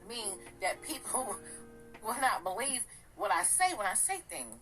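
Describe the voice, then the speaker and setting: A woman with a slightly raspy, deep voice, hosting a gossip channel and ranting bluntly with profanity. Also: sing-song, a little slow, fairly bright tone, soft background music, poor audio. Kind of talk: casual commentary.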